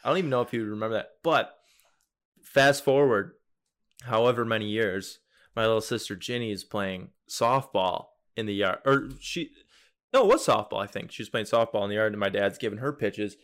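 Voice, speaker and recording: A young man co-hosting a podcast, telling a story in a casual, animated way. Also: lowish voice, brisk. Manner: animated storyteller, loud shouted impressions. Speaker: podcast co-host.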